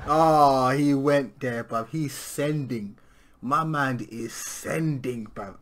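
A man's voice: medium pitch, slow pace, fairly bright tone. A man hosting a reaction video, talking in slangy, laughing banter. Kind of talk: casual reaction commentary.

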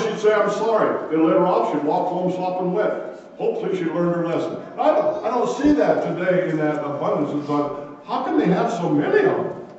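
A man's voice: on the high side, darkish tone, slight background noise. A man preaching a sermon in a folksy way, often asking his listeners questions. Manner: folksy, asks the congregation questions. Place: church sanctuary. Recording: echoey hall, distant mic, muffled.

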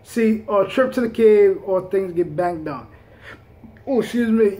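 A man's voice: sits high, animated, normal speed, dark tone. A man hosting a reaction video, chatting casually in heavy street slang with a laid-back drawl.

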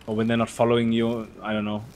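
A man hosting a let's play, chatting casually and explaining game mechanics in a relaxed way. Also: lowish voice, quick pace, a little hiss or hum. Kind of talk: casual gameplay chat.

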